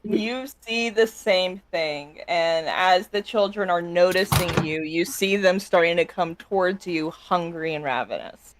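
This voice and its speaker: Slow, deliberate game master. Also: medium pitch, slight background noise. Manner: slow, deliberate scene-setting narration. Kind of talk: narrating a tabletop game.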